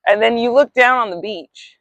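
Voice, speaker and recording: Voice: mid-range voice, normal speed, fairly bright tone, no room sound. A vlogger talks in a loose, rambling way about spiritual ideas, reflective and now and then swearing. The voice sits mid-range, recorded dry and close outdoors by the shore. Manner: rambling, reflective, casually profane. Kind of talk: casual spiritual musing.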